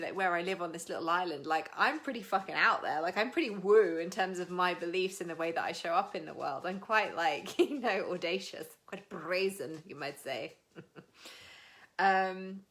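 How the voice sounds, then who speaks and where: A British woman hosts a casual live stream in a low, bright voice with a forceful edge. She chats frankly and swears freely, calling out viewers by name as she goes. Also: normal speed. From Britain.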